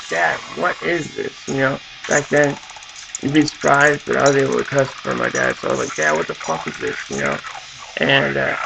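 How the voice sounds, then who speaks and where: Gravelly young man ranting to camera. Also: medium pitch, noisy background. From Southern California. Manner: profane, rambling, full of fillers. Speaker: vlogger. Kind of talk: casual rant to camera. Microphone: camera mic.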